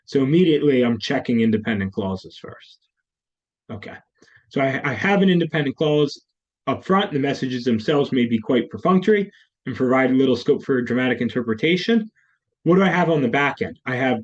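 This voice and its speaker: A man's voice: medium pitch, big pitch swings, normal speed, muffled recording. Man walking through grammar answers. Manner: explanatory, repeats key terms, occasional restarts. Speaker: test prep teacher. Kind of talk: screen-recorded lesson walkthrough.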